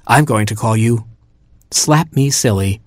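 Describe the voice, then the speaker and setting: A man voicing an old, hard-of-hearing male baboon, a retired king who talks loudly and asks people to repeat themselves, in a storybook reading. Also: mid-range voice, unhurried, no room sound, studio quality, natural voice. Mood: bewildered, fond.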